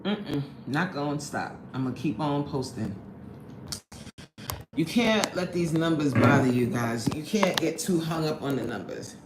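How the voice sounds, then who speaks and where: Chatty woman streamer, very animated pitch, roomy room sound with a faint hiss. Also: measured pace. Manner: lively, chatty, greets viewers excitedly, laughs often. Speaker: live-stream host chatting with viewers. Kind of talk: casual live-stream chat. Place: indoor room at her workplace. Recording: roomy echo, faint background noise.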